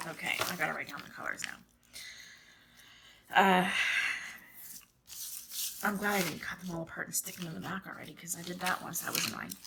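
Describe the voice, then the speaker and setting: A woman and mother chatting casually to her viewers as she crafts, expressive and given to rambling asides. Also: mid-range voice, creaky, a little hiss or hum. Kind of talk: casual chat while crafting.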